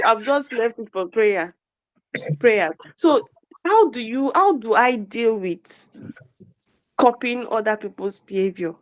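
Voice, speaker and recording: A woman's voice: a little high, low-quality recording. A mother asking a workshop question, telling a long story about her children with frequent restarts. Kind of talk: casual question on a call.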